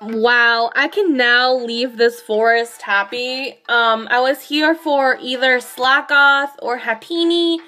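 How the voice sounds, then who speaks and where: A woman streaming a game live, excited and rambling, her voice shaky with excitement as she reacts. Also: on the high side, takes it slowly, hardly any pauses. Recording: faint music behind.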